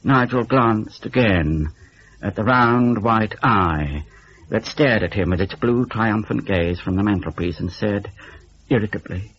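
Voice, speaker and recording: A man with a husky voice narrating a horror story in an expressive storytelling style. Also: on the low side, a little slow, muffled recording. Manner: expressive, varied storytelling delivery.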